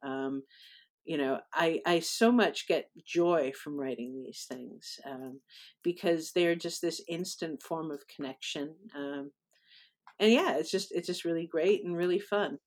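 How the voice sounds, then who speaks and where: A woman's voice: low-pitched, measured pace. A woman poet talking casually as an interview guest, rambling with frequent ums, uhs and restarts.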